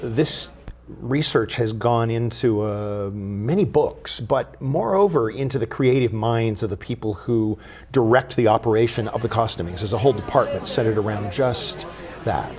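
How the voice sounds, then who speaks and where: Brief: male TV host, living historian, mid-pitched, measured and explanatory. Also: darkish tone. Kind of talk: studio TV talk.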